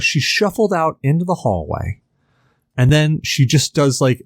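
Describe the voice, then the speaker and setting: A man's voice: medium pitch, no echo, studio quality. A man on a podcast telling a long story in a casual, rambling way, full of fillers and acted-out quotes. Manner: animated, rambling with many fillers. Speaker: podcast host.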